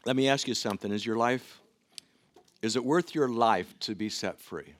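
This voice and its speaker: A middle-aged man preaching a sermon to his church, earnest and given to halting restarts. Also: medium pitch. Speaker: pastor.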